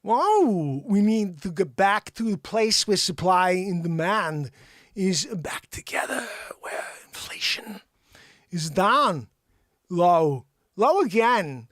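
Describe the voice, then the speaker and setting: Weird halting older dude, a man doing the impression, slow odd pauses, some breathy whispery bits. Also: sits high, very animated, a bit bright, no room sound, studio quality, full character voice.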